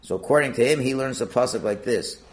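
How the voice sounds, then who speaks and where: A man teaching a Talmud class, explaining the text line by line with animated rhetorical questions. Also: mid-range voice, quick pace.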